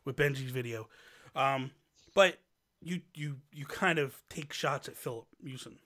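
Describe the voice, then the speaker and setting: A man hosting a casual livestream chat, an animated and long-winded storyteller who wanders off on tangents. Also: mid-range voice, unhurried. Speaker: show host.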